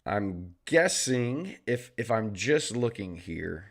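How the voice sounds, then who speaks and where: A man's voice: fairly low pitch, sing-song, takes it slowly. A man with a Southern Texan accent, hosting a live trading stream and explaining charts in an easygoing, chatty way while greeting viewers. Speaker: trading livestream host. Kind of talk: casual live trading commentary.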